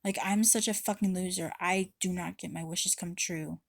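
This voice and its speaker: A woman's voice: fairly low pitch, steady tone, moderate pace, creaky, no echo, studio quality. A woman vlogger ranting to camera in a rambling way, swearing often and restarting her sentences. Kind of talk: casual rant to camera.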